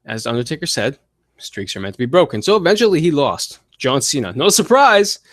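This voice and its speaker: A man's voice: fairly high pitch, brisk, no echo, clean studio sound. Ranting man hosting a wrestling podcast. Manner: ranting, sarcastic, animated. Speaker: podcast host. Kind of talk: solo wrestling commentary podcast.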